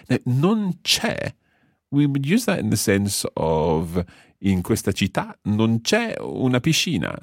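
A man with a low, husky voice teaches a podcast language lesson, walking through each phrase patiently. His intonation swings widely as he explains and quizzes, and the sound is close and dry. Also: dry recording.

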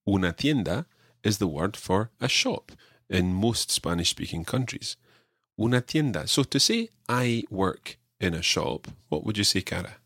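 A man teaching a podcast language lesson, drilling his learner with clear repeated phrases. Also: fairly low pitch, animated, measured pace, a bit bright, no room sound, studio quality.

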